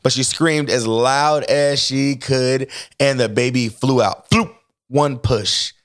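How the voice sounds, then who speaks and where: A man casually telling a family story to a microphone, animated and acting out other people's voices. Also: mid-range voice, slow, no echo, clean studio sound.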